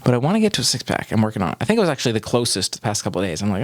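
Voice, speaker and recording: A man's voice: fairly low pitch, huge pitch swings, rapid-fire, no echo. A young man vlogging in a casual, upbeat way, rambling and losing his train of thought now and then. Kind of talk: casual chat to camera.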